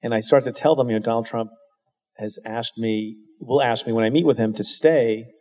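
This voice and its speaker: A man's voice: mid-range voice, steady tone, moderate pace, darkish tone. A middle-aged man answering an interviewer's question with candid, wry, self-deprecating stories, often restarting his sentences. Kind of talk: candid storytelling, conversational. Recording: long hall reverb.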